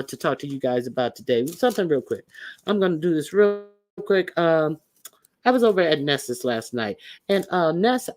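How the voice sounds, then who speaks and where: Rambling, confrontational commentary host. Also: mid-range voice. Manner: rambling, many fillers and restarts, confrontational. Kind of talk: casual commentary on online drama.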